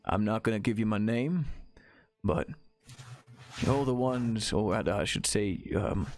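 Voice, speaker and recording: A man voicing a guarded anonymous male informant giving a tip over the phone, speaking slowly and deliberately. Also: on the low side.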